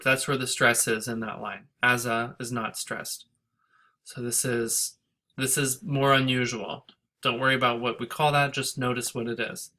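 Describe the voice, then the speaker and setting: A man's voice: medium pitch, steady tone, normal speed, sharp tone. A man teaching a class, talking through a screen-recorded lecture and thinking aloud as he goes, with fillers and self-corrections.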